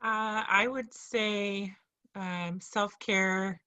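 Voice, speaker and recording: A woman student answers in class slowly and hesitantly, pausing on "um"s. Her pitch is mid-range. The sound is dry, with no room echo. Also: fairly even intonation, sharp tone. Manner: slow and hesitant, trailing "um"s.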